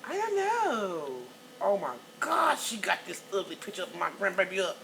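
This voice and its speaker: A middle-aged woman chatting in a hair salon, telling animated stories, cussing freely and shouting out quotes. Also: on the low side, a little fast, vocal fry. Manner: animated storyteller, cusses freely, loud excited quotes. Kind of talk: casual chat. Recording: noisy background.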